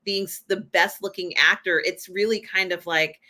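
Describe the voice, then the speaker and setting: A woman's voice: fairly low pitch, steady tone, normal speed, pushed and bright. A woman co-hosting a casual pop culture chat, emphatic and opinionated, with many fillers. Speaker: co-host.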